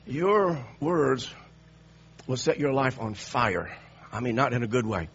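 Husky preacher man, emphatic sermon. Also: mid-range voice, expressive, slow pace, long pauses, lo-fi sound. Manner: emphatic, repeats phrases, restarts often.

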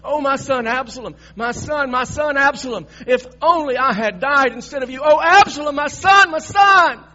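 A man's voice: very high voice, moderate pace, few pauses, bright, forceful tone, voice pushed up, heavily acted. A preacher crying out as a grieving old king. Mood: anguished wailing. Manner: wailing, anguished cries. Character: grieving old king weeping for his son. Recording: dull recording with mains hum.

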